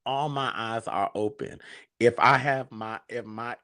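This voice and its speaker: Male talk host, sassy and preachy, middle pitch, dry close sound. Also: steady tone, unhurried, fairly bright tone, no echo. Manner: preachy, sassy, calls listeners baby. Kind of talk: casual talk show monologue.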